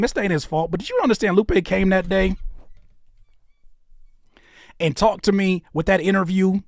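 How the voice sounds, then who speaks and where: A man hosting a casual live stream, talking in an animated way that swings between loud outbursts and low muttering. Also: dry recording, clean studio sound. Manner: animated, quick shifts between shouting and muttering. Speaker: host of a live stream channel.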